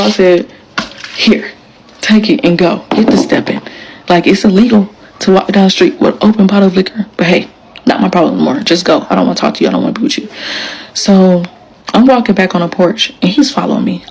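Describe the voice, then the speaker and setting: A woman tells her story to camera in a casual, emphatic way, slipping into the voices of the people she quotes. Her voice has a gravelly edge and a husky grain. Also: fairly low pitch, a little mellow, rough recording. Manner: emphatic, acts out quoted lines.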